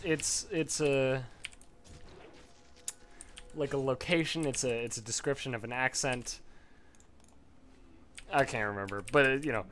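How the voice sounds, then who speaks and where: A man's voice: medium pitch, a bit bright, slight background noise. A man giving casual, rambling gameplay commentary while leveling a character, swearing freely and laughing often.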